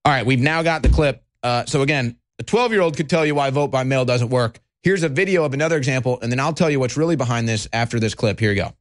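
Male host, mid-pitched, rambling conversational commentary, dry close mic. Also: quick pace, few pauses, dry recording. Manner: rambling and conversational, talks to the audience directly. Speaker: talk show host. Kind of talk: casual political commentary.

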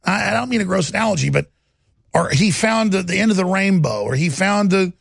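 Man, radio host, gravelly husky voice, wildly lively pitch, agitated rant, dry close sound. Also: a little fast, dry recording. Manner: agitated, ranting, swings from mumbling to loud. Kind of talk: heated talk radio monologue.

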